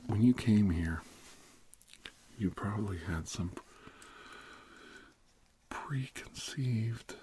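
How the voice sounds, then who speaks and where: A middle-aged man in a whispered role-play as a therapist, drifting between soft whispers and a relaxed speaking voice in a rambling, casual way. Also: sits low, vocal fry, a little hiss or hum.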